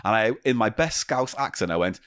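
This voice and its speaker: A man's voice: fairly low pitch, brisk, dry recording, clean studio sound. A man from England co-hosting a comedy podcast, telling stories in casual chat and swearing freely. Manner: animated storyteller, swears freely. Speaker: podcast co-host.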